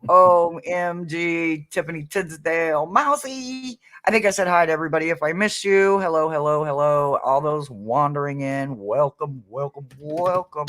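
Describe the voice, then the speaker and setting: A man's voice: on the high side, normal speed, few pauses, a bit bright. A man hosting a tarot reading live stream, chatting playfully and laughing often as he greets viewers. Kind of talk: casual live-stream chat.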